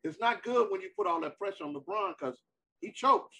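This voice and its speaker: A man's voice: high-pitched, lively intonation, fairly quick, bright, forceful tone, rough recording. A man with a somewhat raised voice holds forth in a casual sports debate. He is emphatic and repeats his point until he has the floor. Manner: emphatic, repeats himself, cuts in. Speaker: sports talk co-host.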